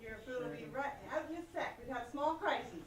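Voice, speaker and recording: An actress playing a chatty, sassy small-town diner waitress, in an amateur stage play. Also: female voice, high voice, quick pace, natural voice. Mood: harried. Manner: sassy, fussing, teasing. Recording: echoey stage, heard from far off, noisy.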